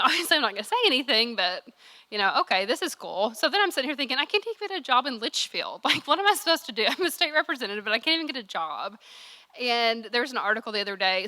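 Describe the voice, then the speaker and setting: A woman's voice: medium pitch, bright, forceful tone. A young woman with a Kentucky accent giving a candid, chatty keynote speech at a summit, self-deprecating and laughing now and then. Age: young adult. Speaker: keynote speaker.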